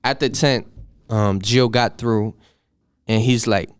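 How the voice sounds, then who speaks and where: Animated eighteen-year-old man telling a story. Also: lowish voice, takes it slowly, clean tone, no room sound, clean studio sound. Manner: animated, profane, acts out voices in his story. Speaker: podcast guest. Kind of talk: casual storytelling.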